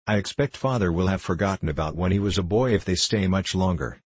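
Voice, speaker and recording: A man's voice: low voice, quick pace, husky, no room sound. A man reading an eager little girl. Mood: wishful. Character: eager, wishful young girl.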